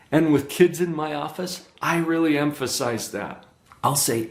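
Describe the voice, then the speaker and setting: A man's voice: on the high side, moderate pace, reverberant. A man giving a parenting workshop as a child psychologist, speaking emphatically and often checking in with his listeners.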